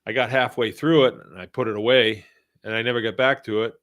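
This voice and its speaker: A man's voice: mid-range voice, fairly even intonation, a little fast, fairly bright tone, dry recording, clean studio sound. An older man from Massachusetts hosting a podcast, reading listener comments in casual talk with a folksy, blunt manner and frequent chuckles. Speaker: podcast host.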